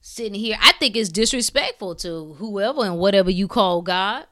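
A woman hosting a podcast, speaking in a blunt, preachy way with swearing and shifting between calm talk and fired-up bursts. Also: medium pitch, moderate pace. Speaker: podcast host. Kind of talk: impassioned spiritual talk.

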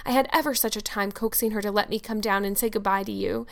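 A woman's voice: mid-range voice, steady tone, fast talker, close to an everyday voice. A woman voicing a sweet, loyal young girl who speaks earnestly and tearfully in an audiobook. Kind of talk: audiobook character voice.

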